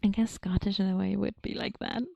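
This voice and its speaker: A woman chatting with viewers in a soft, breathy ASMR whisper. She talks slowly and murmurs, often repeating her phrases. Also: mid-range voice, little pitch movement, dry recording, lo-fi sound. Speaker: ASMR streamer. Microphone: close mic.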